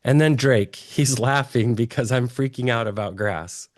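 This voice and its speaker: A man from Texas telling his story as an interview guest, earnest and excitable, often restarting his phrases. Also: mid-range voice, unhurried, no room sound, clean studio sound. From Texas, USA.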